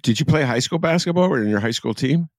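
A man's voice: fairly high pitch, expressive, fast talker, a little mellow, dry recording, clean studio sound. A man hosting a casual interview, chatty and rambling as he asks his guests questions. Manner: chatty, rambling, self-described obsessive. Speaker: podcast host.

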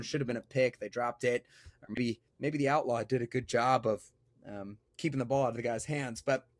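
A man's voice: a little high, dry recording. Joking, rambling male podcast host. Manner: joking, rambling, self-interrupting. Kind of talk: casual sports podcast chat and ad read.

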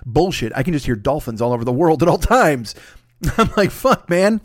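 A man's voice: mid-range voice, lively intonation, a little fast, no echo, studio quality. A man hosting a solo podcast, ranting casually with lots of profanity and self-deprecating, rambling riffs. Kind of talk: casual comedic rant.

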